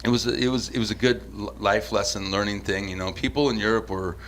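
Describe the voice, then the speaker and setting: A man's voice: fairly low pitch, fast talker, a little hiss or hum. Profane American man telling a story. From United States. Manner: profane, animated storyteller with many restarts. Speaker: podcast host. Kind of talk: casual storytelling chat.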